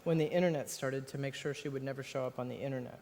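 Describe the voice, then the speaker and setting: A woman's voice: very deep voice, steady tone, fast, mellow, big-room sound. An American woman, the guest author, talking onstage before an audience in a rambling, self-deprecating way with frequent laughs. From United States. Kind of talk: live onstage conversation. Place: stage in a large hall before an audience.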